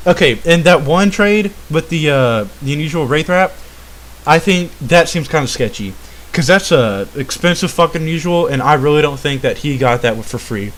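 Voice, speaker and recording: A man's voice: fairly high pitch, lively intonation, normal speed. A young man hosting a gaming vlog, ranting in a rambling way with constant swearing and a habit of asking "all right?". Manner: rambling, full of "uh" and restarts. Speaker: channel host. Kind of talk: profane gaming rant.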